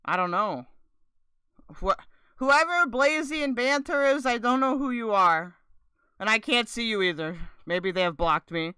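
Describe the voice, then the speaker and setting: A woman streamer rambles through casual live chat, sarcastic and quick to swear. Her voice sits fairly high, bright and smooth, and it is recorded dry and close. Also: lively intonation, no room sound.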